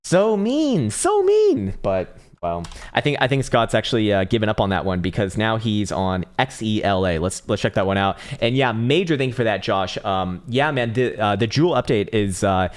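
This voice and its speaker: A man's voice: on the low side, fairly quick, hardly any pauses. A man hosting a live trading stream who gives casual market commentary in a rambling, profane, joking way.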